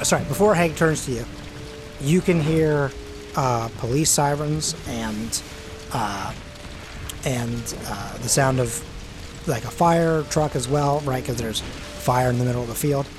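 A man's voice: mid-range voice, over music. Casual man narrating a tabletop game. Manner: casual, halting, many fillers. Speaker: game master.

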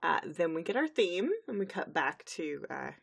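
A woman with a notably low, deep voice co-hosts a casual podcast. She talks chattily and loosely, recapping scenes as she goes and filling the gaps with easy fillers. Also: lively intonation, normal speed, vocal fry, husky. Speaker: podcast co-host. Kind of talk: casual podcast episode review.

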